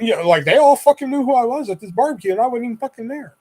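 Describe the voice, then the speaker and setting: A young man with a fairly high voice tells his work stories in a loose, profane ramble. He slips in and out of quick voices for callers and coworkers as he goes. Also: animated, a little mellow. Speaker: pizza shop worker telling stories. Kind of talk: casual profane storytelling.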